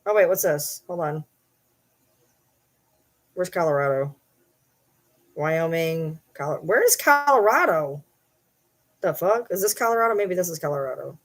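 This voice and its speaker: A woman's voice: lowish voice, animated, a little slow, pauses often. A woman chatting casually on a late-night livestream from home, blunt, rambling and swearing freely.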